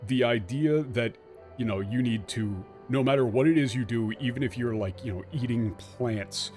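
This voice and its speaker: A man's voice: medium pitch, darkish tone. A male game streamer giving casual let's-play commentary, analytically picking apart a translation word by word and swearing now and then.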